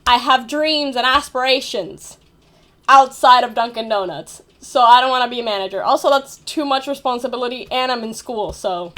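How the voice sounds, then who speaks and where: A young woman vlogger with a high, fairly bright voice tells a loose, rambling story at a moderate pace. She leans on fillers, restarts sentences and swears now and then, as if chatting casually to a camera.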